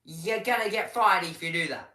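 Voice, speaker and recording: A woman's voice: on the low side, normal speed, bright, forceful tone, echoey room, poor audio. A young woman giving casual live race commentary on a stream, chatting to viewers and reading the chat between calls.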